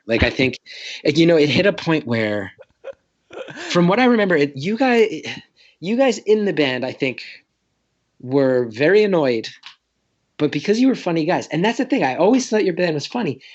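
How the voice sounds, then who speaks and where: A man's voice: fairly high pitch, very animated, normal speed, lo-fi sound. A man in his late thirties, a comedian guest telling a story in a rambling, nervous, self-deprecating way. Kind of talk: casual podcast storytelling.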